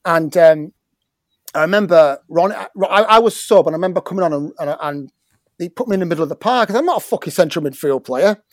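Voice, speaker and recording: A man's voice: a little high, lively intonation, fast, no room sound, clean studio sound. A middle-aged English man telling a football story in casual chat, swearing often and stumbling over his words. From England. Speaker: guest, former footballer and musician.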